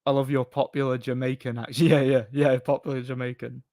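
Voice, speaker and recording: A man's voice: mid-range voice, little pitch movement, brisk, a little mellow, no room sound, clean studio sound. A man, hosting a live stream and chatting bluntly about boxing while reading out comments. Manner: blunt, opinionated, rambling with restarts. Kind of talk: casual stream talk, reading chat.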